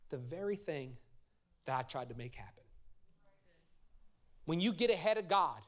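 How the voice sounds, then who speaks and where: A middle-aged man preaching a lively sermon as pastor, telling stories and leading his congregation in call-and-response. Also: high voice. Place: church sanctuary.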